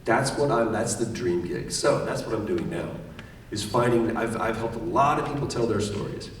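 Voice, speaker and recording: A lower-voiced middle-aged man tells stories to a live convention audience. He slips into quoted voices as he goes. The sound rings through a big hall, picked up from a distance. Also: moderate pace. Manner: animated storyteller, acts out quoted lines. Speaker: panel guest, voice actor. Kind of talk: convention panel talk. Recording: echoey hall, distant mic, faint noise.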